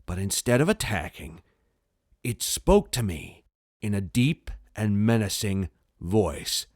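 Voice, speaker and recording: Low-voiced man narrating a horror story. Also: sing-song, takes it slowly, darkish tone, dry recording, studio quality. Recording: faint music underneath.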